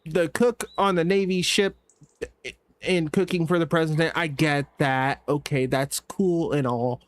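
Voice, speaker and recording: Slow-talking, higher-voiced male streamer. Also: no echo. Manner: animated, incredulous, laughs often. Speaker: live-stream gaming host. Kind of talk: casual live-stream chat.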